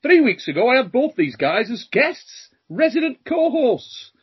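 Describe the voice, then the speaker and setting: Lively joking man, husky. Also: very high voice, measured pace, lo-fi sound. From Britain. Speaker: podcast host. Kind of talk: casual podcast banter.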